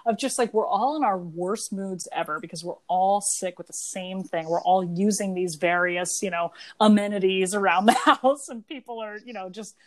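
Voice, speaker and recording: A young adult woman co-hosting a casual podcast, chatty and quick to laugh as she talks through a TV episode. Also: medium pitch. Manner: chatty, laughing often, quoting characters. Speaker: podcast co-host. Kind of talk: casual chat.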